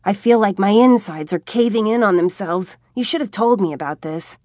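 A woman's voice: medium pitch, normal speed, dry recording, studio quality, natural voice. A woman voicing a nineteen-year-old male vampire who is anxious, whiny and easily worked up in an audiobook. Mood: agitated. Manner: excitable, complaining.

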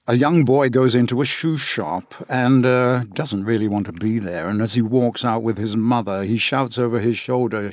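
A man's voice: mid-range voice, darkish tone, no room sound, studio quality. An English man, an audiobook narrator, answering interview questions in an enthusiastic, chatty way with frequent fillers.

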